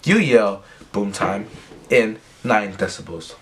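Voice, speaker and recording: A man's voice: on the low side, animated, slow pace. A young man voicing a male ranger who lays out a plan step by step in a matter-of-fact way. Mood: explaining.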